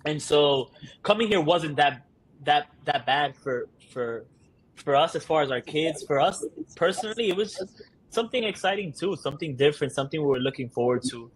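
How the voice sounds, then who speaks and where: A man's voice: a little high, animated, moderate pace, slight background noise. A man speaking as a guest, a father talking candidly and laughing through his stories in casual conversation.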